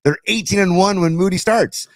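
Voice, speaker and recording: Excited rambling podcast co-host man. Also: high voice, normal speed, no room sound, studio quality. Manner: excited, rambling, lots of "dude". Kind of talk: casual sports chat.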